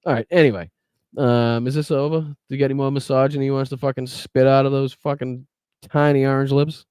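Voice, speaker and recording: A man's voice: medium pitch, flat delivery, quick pace, a little mellow, clean tone, no echo, clean studio sound. A man hosting a political podcast livestream, talking bluntly and profanely while reacting to clips and greeting chat. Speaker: podcast host.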